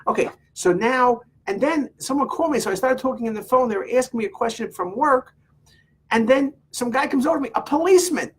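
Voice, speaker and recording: Husky man telling an exasperated story. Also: extremely high pitch, animated, a little fast. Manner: rambling, exasperated storytelling with quoted exchanges. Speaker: vlogger telling a personal story. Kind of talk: casual anecdote to camera.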